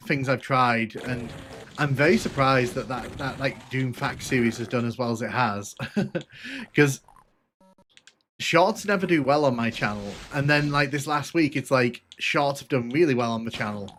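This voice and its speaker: A man's voice: medium pitch, normal speed, a bit bright, slight background noise. A man giving casual, rambling commentary on a live game stream, answering chat with many restarts and fillers.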